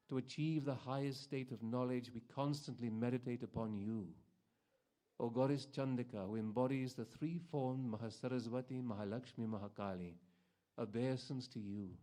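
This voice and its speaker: A man giving a slow, measured, solemn devotional recitation of scripture at a spiritual gathering. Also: medium pitch, dark tone. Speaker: reader at a devotional program.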